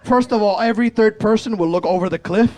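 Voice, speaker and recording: A man in his forties performing a high-energy stand-up set, telling a story animatedly on a comedy club stage. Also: fast, darkish tone.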